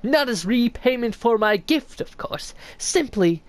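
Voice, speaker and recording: A man voicing an old male snail shaman in a game, reading his lines in a theatrical, mock-gracious way with a raised pitch. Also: expressive, a little slow, no room sound. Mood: sly.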